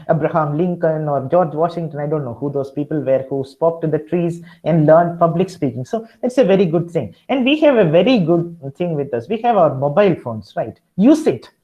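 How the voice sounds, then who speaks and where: Animated Indian man giving an online lecture. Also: high-pitched, rough recording. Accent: Indian English. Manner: repetitive, encouraging, addresses listeners directly. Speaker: guest lecturer. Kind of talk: webinar lecture.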